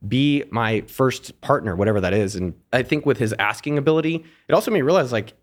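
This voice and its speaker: A middle-aged man talks quickly as an interview guest, rushing through anecdotes. His pitch sits in the middle range, and he often backs up to restart a sentence before carrying on. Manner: fast, animated storyteller with frequent restarts. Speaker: podcast guest, entrepreneur. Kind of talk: casual interview storytelling.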